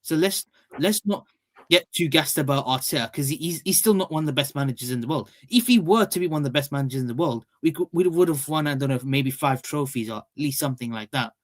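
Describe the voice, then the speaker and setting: Guy ranting loud on a footy call-in, mocks other fans, kinda high voice. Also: lively intonation, quick pace. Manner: mocking, loud, mimics rival fans. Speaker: call-in panelist. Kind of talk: heated football call-in chat.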